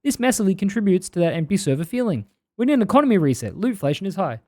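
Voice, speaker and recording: A man reading out a viewer's long complaint in a put-on New Zealand accent that drifts toward Australian, with an earnest, steady delivery. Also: sits high, racing, no echo.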